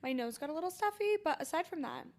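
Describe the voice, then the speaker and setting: A woman co-hosting a chatty podcast, her voice high. She talks in a bubbly, enthusiastic way. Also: lively intonation, fast, a little mellow. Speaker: podcast co-host. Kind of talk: casual chat.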